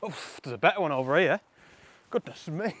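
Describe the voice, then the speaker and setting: A man's voice: fairly high pitch, lively intonation, fairly quick, a bit bright, slightly rough. Chatty man vlogging outdoors. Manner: chatty and enthusiastic, laughs often. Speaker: landscape photography vlogger. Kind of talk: casual vlog to camera. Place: outdoors by a lake in autumn.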